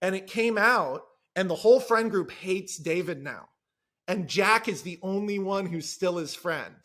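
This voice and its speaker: A man with a very high, bright voice, talking casually as a podcast guest. He tells an animated, rambling story packed with asides and side comments, and his tone is sharp and forward. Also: a little slow. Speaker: screenwriter guest.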